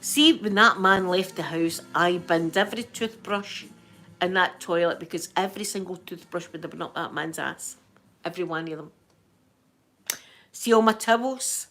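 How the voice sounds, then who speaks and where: A middle-aged Scottish woman hosting her channel, telling a story in an animated, chatty, colloquial way. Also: on the low side, normal speed. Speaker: channel host. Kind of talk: storytelling chat.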